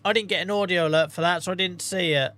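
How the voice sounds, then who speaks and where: Man, game streamer, tired, self-mocking rambles, cheerful swearing, bright sharp tone. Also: high voice, steady tone, fast talker. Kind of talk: casual live-stream chat.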